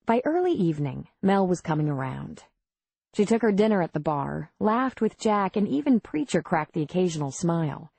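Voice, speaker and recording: A woman narrating a romance audiobook in a measured, even way. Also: lowish voice, vocal fry, husky, no echo. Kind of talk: scripted narration.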